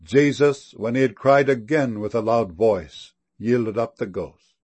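A man giving a measured, solemn scripture reading in archaic wording. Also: medium pitch, darkish tone.

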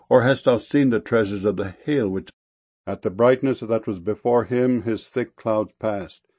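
Gravelly low-voiced man reading scripture. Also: warm tone. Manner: measured, deliberate phrasing with slow emphatic stresses.

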